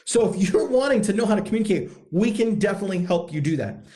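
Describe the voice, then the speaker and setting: A man's voice: high-pitched, animated, fast, dark tone. A man coaching husbands in a blunt, profane, emphatic monologue, hammering points home by repeating them. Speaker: podcast host, men's coach.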